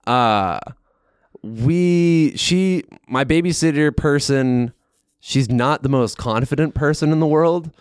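A man in casual podcast chat, a rambling, animated storyteller who leans heavily on fillers. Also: fairly high pitch, slow pace, clean tone, dry recording, studio quality.

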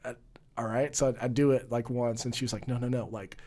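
A man's voice: mid-range voice, quick pace. A young man co-hosting a casual talk, telling a long story with lots of laughs and putting on voices for the people in it. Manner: animated storyteller, laughs often, voices people in his stories. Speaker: podcast co-host.

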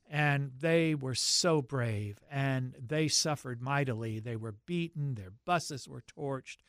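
A man's voice: mid-range voice, no echo, clean studio sound. An older man from the American South with a Southern accent, telling his life story in an oral history interview, reflective and given to restarts.

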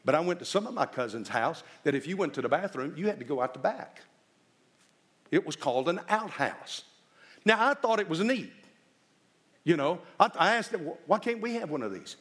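A middle-aged man preaches in a folksy, storytelling way, his voice sitting slightly high. He slows right down to stress key phrases, then rushes through offhand remarks. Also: animated, fairly bright tone, slightly rough. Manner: folksy storytelling, shifting between slow emphatic and quick asides. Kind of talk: sermon.

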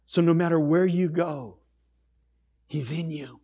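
A pastor delivers a sermon from the stage in a high, light man's voice. He drops to near-whispers for tender points, then climbs back up to loud, emphatic declarations. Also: measured pace. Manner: dynamic preaching, swinging from hushed to loud.

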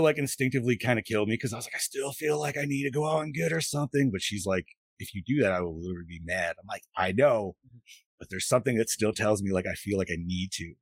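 A man's voice: on the low side, no room sound. A man in his late thirties hosting a podcast, telling stories in casual chat, swearing often and acting out quotes. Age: 30s. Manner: profane, animated storytelling with acted-out quotes. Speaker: podcast host.

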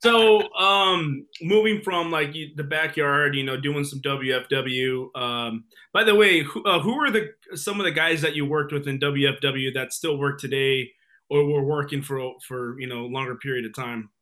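A man hosting an interview, asking questions in a relaxed, chatty way and calling people "man" and "dude". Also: fairly high pitch, moderate pace. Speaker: interview host.

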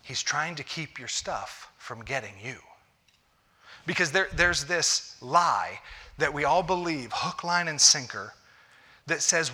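Bright-voiced man preaching a sermon. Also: a little high, expressive, slow pace, breathy edge. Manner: conversational preaching with repeated restarts. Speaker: pastor.

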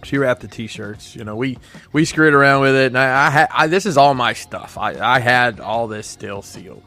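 Male podcast host, loose rambling storyteller, middle pitch, faint music bed. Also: normal speed, pushed and bright. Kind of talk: casual chat.

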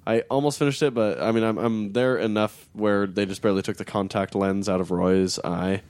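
A man's voice: on the low side, fairly even intonation, brisk, a little mellow, smooth, dry recording. A man co-hosting a casual chat, blunt and grumbling, swearing often. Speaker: podcast co-host.

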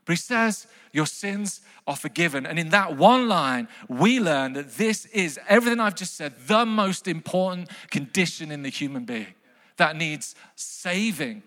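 High, animated male preacher in a reverberant hall. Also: a little slow. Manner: emphatic, repeats key phrases, asks the congregation questions. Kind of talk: sermon.

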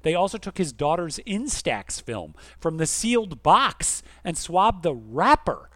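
Animated man reading listener mail. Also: measured pace, no echo. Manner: expressive reader, dropping soft and low for serious letters. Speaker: podcast co-host.

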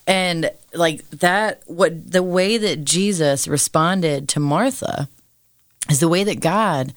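A mid-pitched podcast co-host explains ideas thoughtfully and at length, dropping in quick asides. The voice is close on the mic in a dry room. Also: no room sound. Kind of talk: casual faith discussion.

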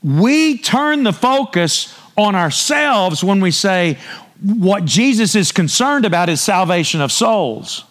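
A man's voice: high voice, sing-song, slow pace, a bit bright. A man preaching a sermon, speaking emphatically and posing rhetorical questions to the congregation. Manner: draws listeners in with repeated cues.

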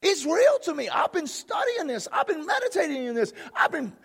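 A man preaching a fervent sermon from a church platform, bursting into shouts and exclamations. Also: very high voice, big pitch swings, moderate pace, vocal fry. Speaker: pastor.

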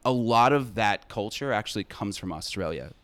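A man's voice: fairly low pitch, animated, normal speed, a bit bright. A man chatting casually on a podcast, explaining at length with plenty of fillers and enthusiasm. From United States. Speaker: brand representative guest.

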